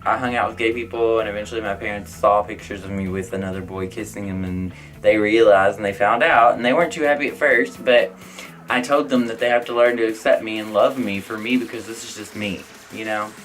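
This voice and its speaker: A man's voice: lowish voice, little pitch movement, brisk, a bit bright, soft background music, poor audio. A young man casually answering viewer questions in a vlog, chatty and outspoken, with lots of "like" and "I don't know".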